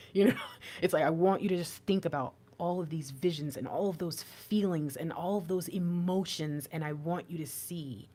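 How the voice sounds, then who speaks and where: A young woman giving an intuitive tarot reading, rambling and excitable, often trailing off and laughing. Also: low-pitched. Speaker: tarot reader.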